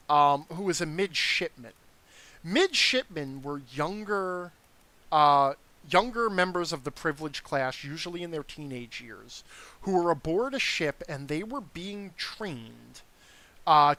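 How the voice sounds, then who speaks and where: Bright, lively man explaining a game. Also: on the high side, no echo. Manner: patient, lecturing, explains details step by step; reads and answers live chat. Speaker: game streamer. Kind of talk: methodical explanatory playthrough commentary.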